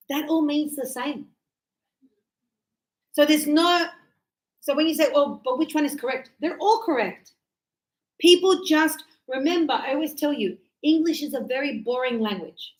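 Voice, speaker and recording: Chatty woman teaching English, high pitch, roomy echo. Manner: lively, chatty, acts out everyday dialogues. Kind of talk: classroom English lesson. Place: classroom.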